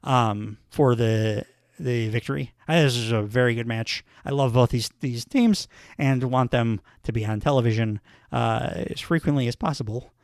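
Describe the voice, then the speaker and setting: A podcast host with a mid-range voice and moderate pace rambles through a laid-back wrestling show recap, heavy on fillers. The recording is dry with clean studio sound.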